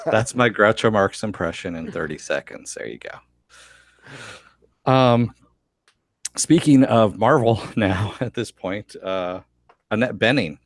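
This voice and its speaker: A man's voice: lowish voice, dry recording, studio quality. A man co-hosting a podcast, reading news in an easygoing, chatty way. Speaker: podcast co-host. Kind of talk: casual chat.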